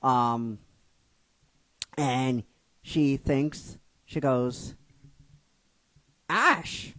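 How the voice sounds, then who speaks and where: On a dry recording, a man with a slightly high, animated voice speaks slowly as he tells and explains the story of his own fan script. His casual, rhetorical style has him repeating himself and constantly asking "right?"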